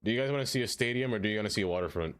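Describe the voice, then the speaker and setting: A man streaming a game live, chatting casually with his viewers, laughing often and jumping into high excited exclamations. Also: racing, clean tone. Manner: chatty, laughs often, talks straight to chat.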